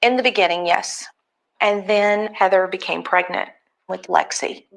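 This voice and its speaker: A woman's voice: mid-range voice, fairly even intonation, moderate pace, vocal fry, poor audio. A woman recalling family events in a documentary interview, reflective and sometimes acting out what was said.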